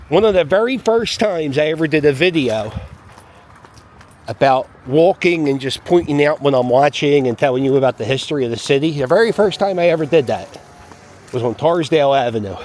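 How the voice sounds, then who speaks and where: A man's voice: a little high, darkish tone, a little hiss or hum. Rambling man on a street walk. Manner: rambling, wry, talks to himself and the camera. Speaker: vlogger walking his dog. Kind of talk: casual walking commentary. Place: outdoors on a city street.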